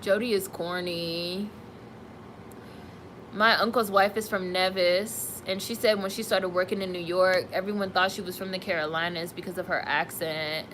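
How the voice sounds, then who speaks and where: A woman's voice: fairly low pitch, steady tone, moderate pace, a bit bright, a little hiss or hum, low-quality recording. A young woman streaming live, reading viewer comments and reacting with candid, sassy asides. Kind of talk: casual live-stream chat.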